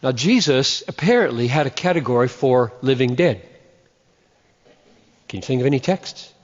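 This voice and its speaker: A man preaching a sermon, slowing down and repeating phrases for emphasis. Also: mid-range voice, animated. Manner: emphatic, slows down and repeats for stress. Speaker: pastor. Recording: muffled sound in a reverberant hall.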